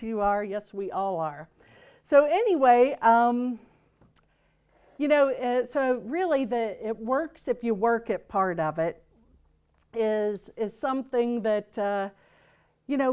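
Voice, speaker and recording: A woman reverend speaks to a group in a relaxed, conversational sermon. Her voice sits slightly high, and she rambles warmly with fillers, restarts and easy laughter. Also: smooth. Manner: chatty and loose, with many fillers and restarts, laughing easily. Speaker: reverend giving a talk. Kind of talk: casual spoken sermon with humor. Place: gathering room with a group.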